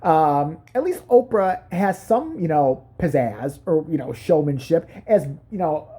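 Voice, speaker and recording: A woman in a profane, rambling comic rant with a low, husky voice. The tone is dark and mellow even when she snaps into a sudden outburst. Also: a little slow. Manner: rambling, profane, swings between mutters and outbursts. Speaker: commentary vlogger. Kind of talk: crude comedic rant.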